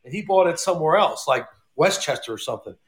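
Podcast co-host, man, slightly raised pitch, animated storyteller. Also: quick pace. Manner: animated anecdote-teller, swears freely. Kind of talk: casual chat.

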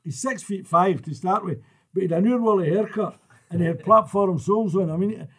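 An older man with a Scottish accent, telling lively stories and laughing through his punchlines as a guest. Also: high-pitched, fairly quick, husky. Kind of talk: casual anecdotes.

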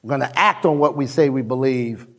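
A man preaching a sermon as pastor, emphatic, slowing down on key phrases and swinging high for emphasis. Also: fairly bright tone.

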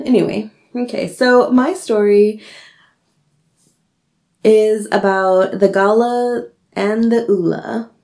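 Playful young woman, warm mellow voice. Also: medium pitch, steady tone. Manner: playful, quick quips. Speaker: podcast co-host. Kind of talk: casual chat and reading a folk tale aloud.

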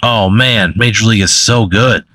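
A man in casual comedy podcast chat, laid-back with quick reactive asides. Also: fairly low pitch, sharp tone, no room sound. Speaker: podcast co-host.

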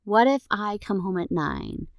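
A woman's voice: medium pitch, animated, a little slow, creaky, no room sound, studio quality. A woman voicing a teenager who pleads and bargains with their mom in a whiny tone. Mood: bargaining.

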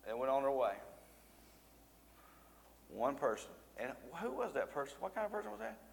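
A man's voice: mid-range voice, sing-song, normal speed, gravelly, in a large hall. A man leads an informal Bible lesson, talking conversationally and quizzing his listeners with fill-in-the-blank questions. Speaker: Bible study teacher.

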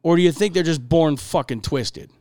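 A man hosting a podcast, telling stories in a profane, animated, casual way. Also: fairly high pitch, normal speed, dry recording, studio quality. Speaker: podcast host.

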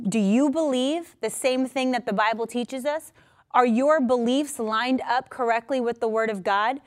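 A woman preaching a sermon, emphatic and repeating key phrases for stress. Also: sits high. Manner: acts out voices of people in scripture stories.

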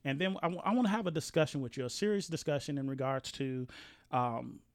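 A man hosting a podcast, talking in an animated, rambling way with many restarts. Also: on the high side, fast talker, no echo, clean studio sound. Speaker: podcast host. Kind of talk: casual podcast talk.

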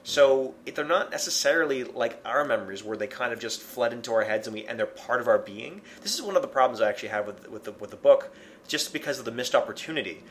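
A man of ordinary pitch makes his case in a relaxed conversation. He argues in long, unbroken runs and often restarts his phrases midway. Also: fast, slight background noise. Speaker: podcast co-host discussing comics. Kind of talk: casual chat.

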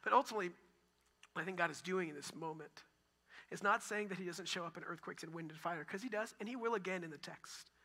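Male pastor, Texan, lively sermon delivery, bright ringing tone. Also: high voice, quick pace. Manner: animated, shifts from loud emphasis to near-whisper.

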